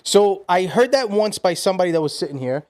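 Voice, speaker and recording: A male podcast co-host from the United States with a high voice. He talks in an easygoing, conversational way and asks the guest questions. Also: lively intonation, fairly quick, darkish tone. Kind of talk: casual podcast chat.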